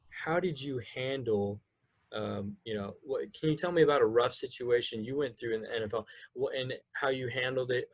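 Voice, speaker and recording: An upbeat man hosting a casual sports podcast. His voice is mid-pitched, and he banters easily before rolling into long, rambling questions. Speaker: podcast host.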